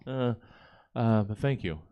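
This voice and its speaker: A man's voice: mid-range voice, a little slow, muffled recording, a little hiss or hum. A man hosting a live comedy show, giggly, apologetic and loose in his delivery. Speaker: host. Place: comedy theater stage.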